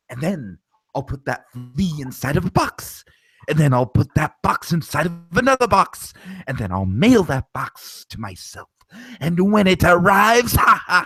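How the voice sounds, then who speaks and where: A man's voice: sits high, gravelly, fairly bright tone, no room sound, pitched above the performer's own voice, exaggerated voice. A man voicing a scheming, vain older villainess from a cartoon, cackling and gloating theatrically.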